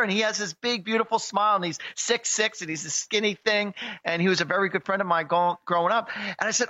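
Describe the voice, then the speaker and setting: A man co-hosting a radio call-in show, chatting casually and telling stories with lively exclamations. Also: high-pitched, fairly quick, no room sound, muffled recording. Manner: animated storyteller, exclaims often. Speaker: radio show co-host, psychic reader.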